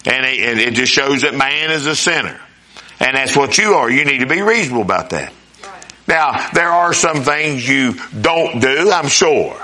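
A man's voice: medium pitch, lively intonation, normal speed, sharp tone. A man preaching a sermon as pastor, emphatic, rising and dropping with repeated phrases.

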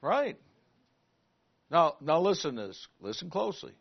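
A male pastor preaching a sermon, asking the congregation questions and moving between loud emphasis and quiet asides. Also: on the high side, very animated, a little slow, vocal fry, slightly rough, muffled recording.

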